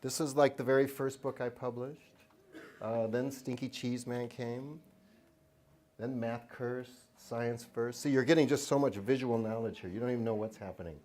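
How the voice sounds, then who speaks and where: A man's voice: medium pitch, steady tone, moderate pace, a little mellow. A man presents his books to a lecture-hall audience with a playful, self-mocking humor. He chuckles between lines and keeps a loose, joking tone. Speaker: children's book author giving a talk. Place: lecture hall at a university event.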